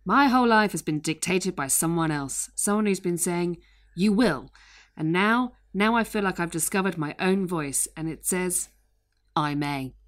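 A woman's voice: on the low side, moderate pace, close to an everyday voice. A woman voicing a defiant android rancher's daughter, reading the lines plainly in her own voice. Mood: resolute. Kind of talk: reading a script aloud for fun.

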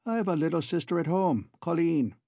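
A man's voice: fairly high pitch, lively intonation, moderate pace, creaky, dark tone, dry recording, voice pushed up. A man doing a lilting Irish adventurer. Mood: gentle. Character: good-natured young Irish adventurer.

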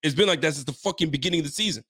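A man's voice: fairly high pitch, rapid-fire, fairly bright tone, husky. A man from Ontario hosting a sports show, venting heatedly after a game with frequent cursing. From Ontario, Canada. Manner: heated, profane, fired-up venting. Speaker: sports podcast host. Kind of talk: postgame rant.

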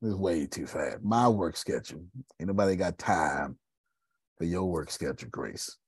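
A man hosting a casual podcast conversation, animated and preachy, dropping low and quiet for emphasis. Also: moderate pace, husky, no room sound. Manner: animated, preachy, drops pitch and volume for emphasis. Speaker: podcast host.

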